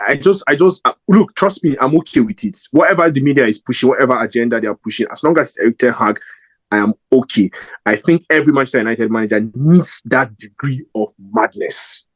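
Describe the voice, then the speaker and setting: A man's voice: mid-range voice, rough recording. A young man giving his opinion in a casual football fan vlog, rambling and emphatic with lots of fillers and restarts.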